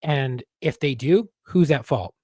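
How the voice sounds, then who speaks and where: A former police officer co-hosting a podcast tells stories bluntly and with plenty of swearing in a casual conversation. His medium-pitched voice is expressive and dark in tone, measured in pace, and recorded at studio quality with no room sound.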